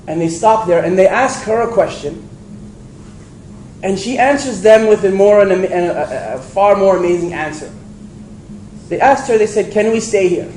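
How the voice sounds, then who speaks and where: Man, preacher, high voice, storytelling lecture, animated, echoey hall, faint background hiss. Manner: animated, acts out quoted voices for humor.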